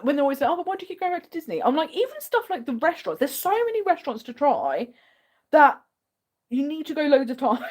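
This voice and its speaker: Bubbly English woman, lively voice. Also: a little high. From England. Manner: bubbly and chatty, answers viewer comments with frequent laughs. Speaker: host. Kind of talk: casual livestream chat.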